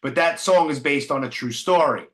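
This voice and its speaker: A man's voice: on the high side, normal speed. A man hosting a podcast in casual conversation, laid-back and jokey, laughing easily. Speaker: podcast host.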